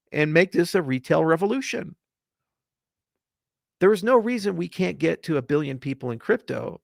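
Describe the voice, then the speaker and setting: A man with a gravelly, somewhat high voice speaks to camera in a passionate, blunt and profane monologue, his level swinging from hushed to loud. The sound is dry and close, with no room echo. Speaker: crypto industry founder. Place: Colorado.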